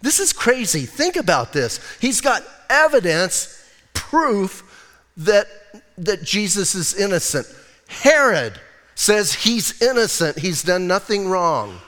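Casual, animated pastor in a reverberant hall. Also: male voice, sits high, slow pace. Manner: casual, animated Bible storytelling. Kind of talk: sermon. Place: church sanctuary.

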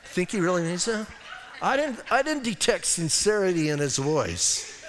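A man preaching a sermon as a pastor, telling stories with lively, acted-out quotes. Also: high voice, moderate pace. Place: church hall. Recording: long hall reverb.

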